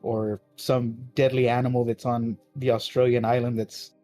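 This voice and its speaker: A man's voice: mid-range voice, flat delivery, normal speed, warm tone, dry recording, soft background music. Dry-voiced joking male co-host. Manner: joking, crude banter. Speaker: podcast co-host. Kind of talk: casual podcast chat.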